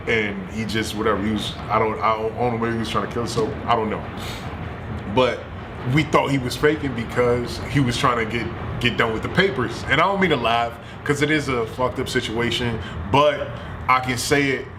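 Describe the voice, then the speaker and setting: A man streaming from home, telling a family story in a loose, animated and profane way. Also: medium pitch, noisy background. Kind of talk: casual storytelling.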